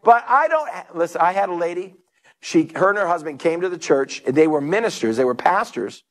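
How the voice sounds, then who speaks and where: A man's voice: sits high, brisk. A male pastor preaching a sermon, telling stories and acting out the people in them. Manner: storytelling preacher, animated, acts out quotes.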